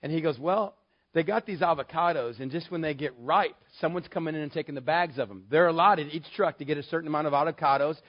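Male storyteller from West Texas, animated and playful, on a dull lo-fi recording. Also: a little high, fast talker. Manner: lively, animated, acts out the voices in the dialogue. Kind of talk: personal anecdote told to an audience. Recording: dull, lo-fi sound.

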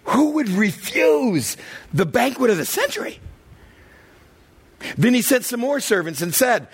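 A middle-aged pastor delivers a comedic sermon in church, telling stories animatedly, acting out characters, and frequently shouting and laughing. His voice is high-pitched and slightly rough, at a normal speed.

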